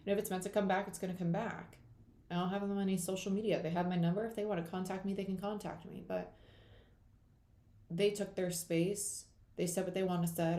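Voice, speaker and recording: A woman's voice: mid-range voice, warm tone, echoey room. A young woman chatting casually on a livestream, rambling with lots of fillers as she talks to viewers. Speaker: tarot reader hosting a live chat. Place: home room at her computer.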